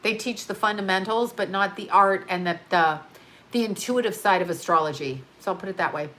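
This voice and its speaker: A woman's voice: medium pitch, fairly quick, fairly bright tone, slight background noise. Tired, rambling woman livestreaming. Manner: rambling, blunt, swears freely. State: tired, yawning. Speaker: astrologer and livestream host. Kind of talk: casual livestream chat reading viewer comments. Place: her home studio.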